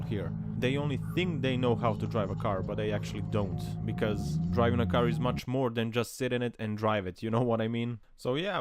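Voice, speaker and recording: A man, hosting a commentary over car crash clips, laughing often and bursting into loud excited exclamations. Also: mid-range voice. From Serbia. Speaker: host. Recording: voice-over with clear traffic noise. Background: car and road sounds from the clips.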